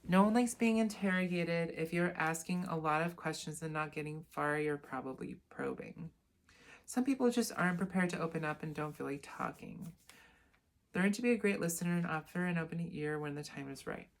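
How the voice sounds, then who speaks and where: Lower-voiced woman reading with chatty asides. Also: normal speed. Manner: reads aloud, then adds chatty asides and self-corrections. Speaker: channel host reading from a self-help book. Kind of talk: casual reading lesson with asides.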